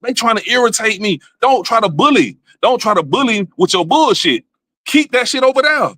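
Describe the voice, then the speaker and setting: A man's voice: high voice, very animated, moderate pace, sharp tone, dry recording. A man hosting a comedic livestream, riffing in loose, profane rants full of repeated fillers. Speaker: show host. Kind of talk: casual comedic livestream commentary.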